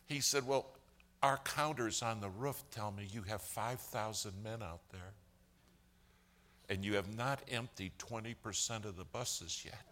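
A man's voice: on the low side, measured pace, sharp tone. A man telling a long church story as a sermon, acting out the quoted dialogue of the people in it.

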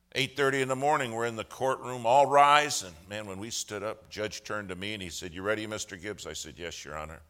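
A man, a lawyer by trade, telling a story in a sermon. He acts out the other people's lines with humor and gets loud at key moments. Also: low voice. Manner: animated storyteller, acts out quoted voices with humor. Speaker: lawyer giving a testimony.

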